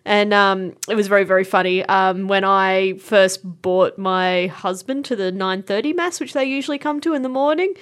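A woman co-hosts a relaxed conversation in a mid-range voice. She tells stories with animation, laughs easily, and often restarts her sentences as she talks. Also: medium pitch, moderate pace, hardly any pauses, smooth. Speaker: podcast co-host. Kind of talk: casual chat.

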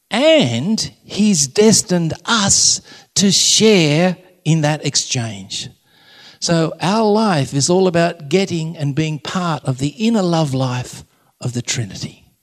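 A man's voice: on the high side, slow pace. Man talking in a big reverberant hall. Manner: relaxed storyteller, jokey. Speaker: Catholic speaker. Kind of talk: live faith talk to an audience.

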